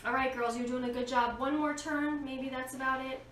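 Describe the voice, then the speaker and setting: Mom doing a cooking video in her kitchen, kinda high voice, echoey and far off, dishes clanking. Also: steady tone, brisk, background noise. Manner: chatty, coaching her kids as she cooks. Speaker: host of a home cooking show, mother. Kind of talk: casual cooking demonstration. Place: home kitchen. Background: clinking cutlery and dishes.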